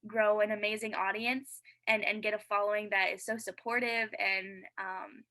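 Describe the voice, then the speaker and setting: Woman guest, casual interview, bright forward tone, eager and chatty. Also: mid-range voice, level tone, moderate pace, rough recording. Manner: eager and chatty, many fillers; earnest and heartfelt.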